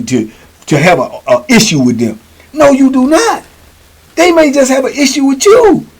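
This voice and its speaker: Middle-aged host, husky and a bit high, animated storyteller. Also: male voice. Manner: streetwise, animated, repeats "man" and "you know what I'm saying". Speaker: host telling prison stories. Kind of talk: casual storytelling monologue.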